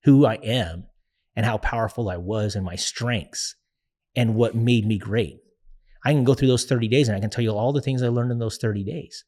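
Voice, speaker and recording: A man's voice: mid-range voice, a little mellow. A middle-aged man speaking earnestly as an interview guest, telling stories and acting out quoted dialogue. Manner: earnest storyteller, acts out quoted family dialogue. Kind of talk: interview conversation.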